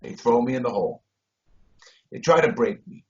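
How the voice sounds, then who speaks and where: A man telling a story on a video call, blunt and profane, shifting between loud bursts and low mutters. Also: expressive, moderate pace. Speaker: interview guest. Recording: dull lo-fi video call audio.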